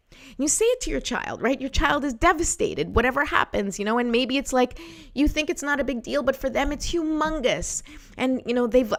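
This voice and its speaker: Woman, host, motivational talk, encouraging, conversational. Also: on the high side. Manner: encouraging, repeats "right?" to the listener.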